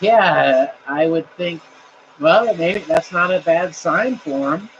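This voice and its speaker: Slow-talking man on a lo-fi home live stream. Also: fairly high pitch. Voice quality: laid-back, swears casually, coughs between sentences. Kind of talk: casual live-stream chat. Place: at home with his cats. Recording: dull lo-fi stream audio, faint room hiss.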